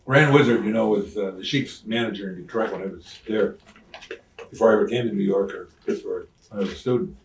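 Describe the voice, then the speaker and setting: An older retired wrestler telling stories in an interview, acting out the voices of others with loud swings. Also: male voice, fairly low pitch, quick pace, a little hiss or hum. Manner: animated storyteller, acts out quoted voices, loud swings. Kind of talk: shoot interview storytelling. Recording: roomy sound, mic at some distance.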